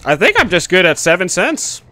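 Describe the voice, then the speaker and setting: A man giving live gameplay commentary as a streamer, excitable, swearing a lot and yelling at enemies. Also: high-pitched, normal speed. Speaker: gaming streamer.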